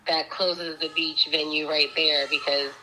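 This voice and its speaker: Woman, low and bright, telling a rambling personal story on a podcast. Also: level tone, unhurried, a little hiss or hum, low-quality recording. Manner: chatty, rambling, many fillers and restarts. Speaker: guest. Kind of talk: casual storytelling interview.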